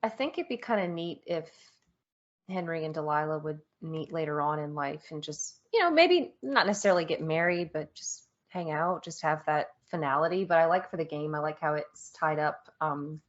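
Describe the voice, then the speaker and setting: A chatty woman gives her thoughts in a casual podcast discussion, laughing often and pausing on um. Her voice sits a little low for a woman. The audio is dull and muffled. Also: expressive. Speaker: podcast panelist.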